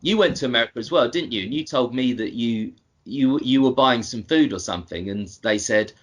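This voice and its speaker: A British man talks casually as a podcast co-host, with a slightly husky voice. He rambles, restarts his sentences and teases his co-host. His pitch stays mid-range. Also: brisk. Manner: rambling, self-correcting, teasing.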